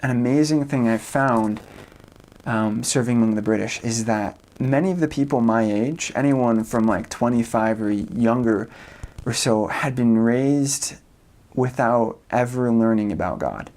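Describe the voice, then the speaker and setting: A man's voice: mid-range voice, measured pace. Laid-back young American man talking. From United States. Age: 20s. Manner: relaxed, many fillers, chuckles often. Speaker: returned missionary. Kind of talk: casual informational talk.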